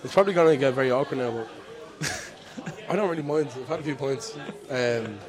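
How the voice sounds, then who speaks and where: A man's voice: medium pitch, brisk, crowd noise. A young man hosting a banter podcast, teasing his co-host and joking with laughter.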